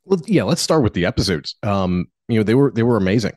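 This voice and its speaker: A man in his forties co-hosting a podcast, talking haltingly with many self-corrections and you knows. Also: fairly low pitch, big pitch swings, a little mellow, dry recording, studio quality. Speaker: podcast co-host. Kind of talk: casual podcast talk.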